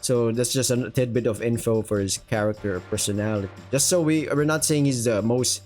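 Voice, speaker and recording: A man's voice: mid-range voice, brisk, darkish tone. A young man reads a manga aloud, rambling through the panels with casual swearing and plenty of "uh"s. He talks from a room at home while faint guitar music plays behind him. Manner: rambling, profane, with filler words. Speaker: manga reviewer. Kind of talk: casual manga read-along commentary.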